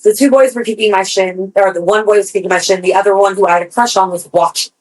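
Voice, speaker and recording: A woman co-hosting a podcast, telling a personal story in casual chat, animated and swearing freely. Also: mid-range voice, fast talker, rough recording. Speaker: podcast co-host.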